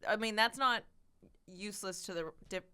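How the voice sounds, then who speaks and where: A young woman from Boston co-hosts a loose comedy podcast. Her bright, clear voice keeps jumping up into loud laughter and excited shouts. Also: mid-range voice, moderate pace. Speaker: podcast co-host. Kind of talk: casual comedy chat.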